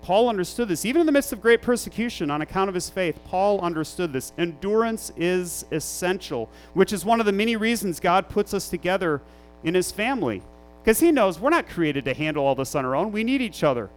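High-voiced man preaching a sermon. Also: lively intonation, brisk, rough recording. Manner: preaching with rising emphasis and rhetorical questions. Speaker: pastor.

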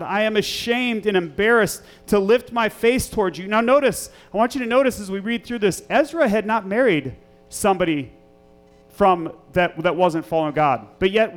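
In a church sanctuary, a male pastor reads scripture aloud and preaches earnestly and emphatically, repeating key phrases and posing rhetorical questions to the congregation. His voice sits high.

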